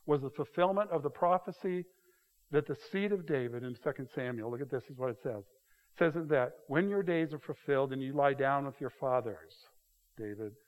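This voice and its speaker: A middle-aged man preaching a sermon, telling the story with animated delivery and acted-out voices. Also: fairly high pitch. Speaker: pastor. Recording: long hall reverb.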